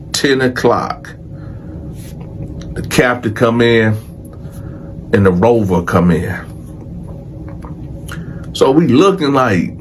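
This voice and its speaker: A man casually telling a story in an animated, profane way and acting out other people's voices. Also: medium pitch, slight background noise. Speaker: storyteller, show host.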